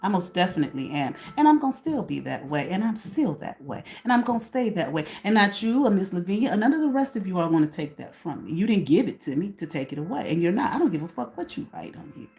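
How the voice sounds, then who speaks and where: A woman with a fairly low, slightly mellow voice rants to camera on her own small channel, swinging widely in pitch and talking fast with vocal fry and hardly any pauses. She is profane and confrontational toward someone, firing questions at herself.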